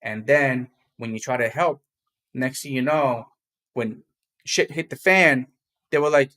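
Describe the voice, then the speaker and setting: A man's voice: mid-range voice, a little slow, pauses often, bright, forceful tone. Male co-host for a casual talk show, candid and rambling, loops back on his words. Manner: rambling, repeats himself, blunt and candid. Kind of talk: casual morning talk to viewers.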